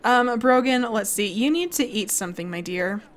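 A woman's voice: a little high, expressive, normal speed. A young woman chatting bubbly through a life-sim game as a let's play host, laughing and exclaiming often. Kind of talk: casual gameplay commentary.

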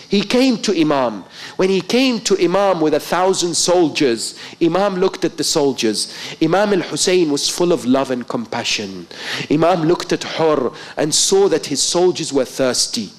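A male preacher giving a sermon, telling a story with impassioned, rising emphasis. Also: fairly high pitch. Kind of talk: mourning-night sermon.

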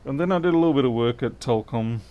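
A man's voice: medium pitch, quick pace, highs cut off, slight background noise. A middle-aged man, chatting casually and thinking aloud while he works through a repair on a livestream. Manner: rambling, thinks aloud, answers chat.

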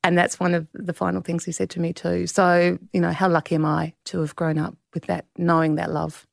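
A woman in her fifties with an Australian accent tells a tender family story, often stopping and restarting her sentences. Her voice sits low with a gravelly, creaky edge, and at times she sounds close to tears. The recording is dry and close, with no room sound. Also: little pitch movement, no echo. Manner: tender, halting, with many restarts. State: tearful at times. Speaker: guest author. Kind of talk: emotional personal storytelling.

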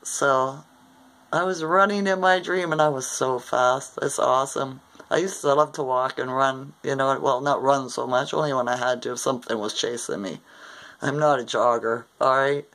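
A woman's voice: very deep voice, moderate pace, a bit bright, low-quality recording. An older woman from Ontario, Canada, casually recounting a dream in a rambling way and often tagging her sentences with "right?". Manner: rambling, often adds "right?" tag questions. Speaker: vlogger.

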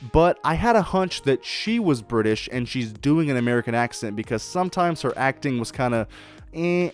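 A man hosting his own podcast, giving a blunt, profane, excitable solo review and acting out quoted lines. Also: medium pitch, clear, resonant tone. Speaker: podcast host reviewing shows. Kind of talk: casual solo review monologue.

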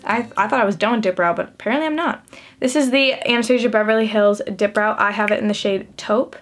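A woman's voice: medium pitch, fast talker, faint music behind. A young adult woman chatting through a makeup routine, self-deprecating and filling her talk with "like". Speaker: beauty vlogger. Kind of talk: casual makeup tutorial chat.

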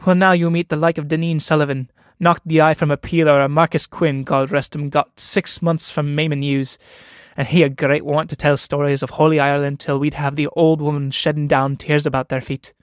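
A man reading a play aloud, voicing a sharp-tongued young woman who teases and scolds with impatient scorn. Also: a little high, flat delivery, brisk, clean tone, no echo, clean studio sound, lightly acted. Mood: scornful teasing.

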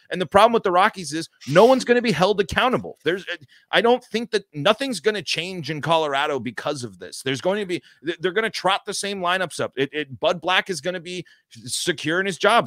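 A man's voice: a little high, fairly bright tone, no room sound, clean studio sound. A man hosting a sports podcast, ranting emphatically and frustrated, with many restarts. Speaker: podcast host.

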